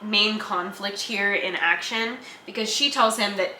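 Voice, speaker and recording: A woman's voice: mid-range voice, unhurried, pushed and bright. A woman co-hosting a podcast, giving playful, joking commentary in a casual book chat. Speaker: podcast co-host. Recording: echoey room with faint noise.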